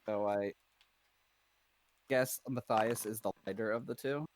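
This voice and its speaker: A man playing a tabletop game, gruff and blunt, swearing casually. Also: lowish voice, fairly even intonation, a little slow, a little hiss or hum. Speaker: player.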